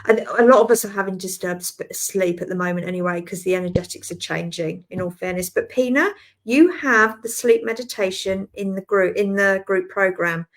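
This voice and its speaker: A woman's voice: mid-range voice, moderate pace. An Australian woman in her forties, a spiritual healer chatting casually on a live stream, rambling, laughing often and answering viewers by name. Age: 40s.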